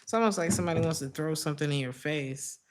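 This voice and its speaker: A woman's voice: low-pitched, quick pace, a little mellow. A woman giving a casual tarot reading, chatty and slangy, laughing often between remarks. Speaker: tarot reader.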